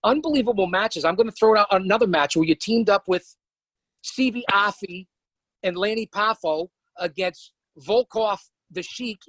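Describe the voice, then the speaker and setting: A man's voice: high-pitched, normal speed, fairly bright tone, no room sound, low-quality recording. A man hosting a podcast, reading from his notes and emphatically quizzing his co-host. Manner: emphatic, addresses guest by surname. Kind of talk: interviewing from notes.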